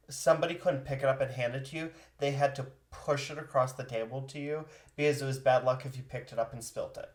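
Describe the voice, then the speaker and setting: A man co-hosting a podcast who tells a life story in easy, conversational chat. His voice sits at a middle pitch. It carries a roomy echo. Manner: laughs easily, recounts history conversationally. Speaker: podcast co-host.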